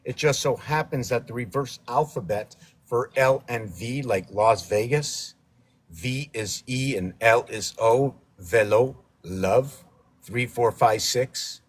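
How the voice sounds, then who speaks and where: Painting on camera during a casual livestream, a man with a mid-range, breathy-edged voice talks slowly and rambles playfully through wordplay and letter puzzles.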